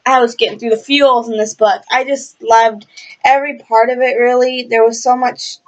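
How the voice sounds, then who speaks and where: A woman's voice: a little high, fairly even intonation, moderate pace. A young woman casually reviewing a book in a vlog, gushing and rambling with lots of fillers, passionate and swearing freely. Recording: lo-fi webcam audio.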